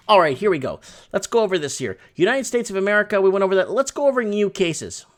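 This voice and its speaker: A man's voice: high voice, animated, fast, hardly any pauses. Casual male host, chatty and loose, reacting and translating on the fly. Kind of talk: casual commentary over live news.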